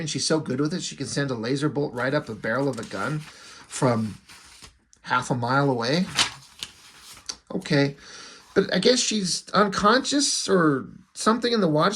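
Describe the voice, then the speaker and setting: A man's voice: a little high, a bit bright. A man reviewing a comic book in casual commentary, irreverent and wry, with frequent swearing.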